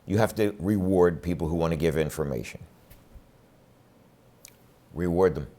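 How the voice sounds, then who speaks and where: A man's voice: low voice, moderate pace, dark tone. A man running for district attorney, speaking bluntly and emphatically in a campaign address. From Philadelphia area. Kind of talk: campaign speech to camera.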